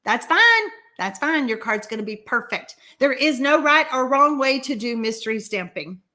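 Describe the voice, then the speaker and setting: A woman's voice: fairly high pitch, moderate pace, bright, forceful tone. A woman hosting a live card-making stream, chatting, teasing and reading out viewer comments. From Texas. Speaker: livestream host of a card-making session. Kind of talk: casual live-stream chat.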